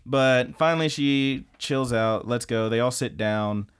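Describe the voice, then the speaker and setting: A man co-hosts a casual podcast, retelling an anime with plenty of swearing and jokes. His voice sits at a middle pitch, and he slips in quick put-on voices for the characters. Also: clean tone. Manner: profane, jokey, acts out characters' lines in quick voices. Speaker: podcast co-host. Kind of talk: casual anime recap chat.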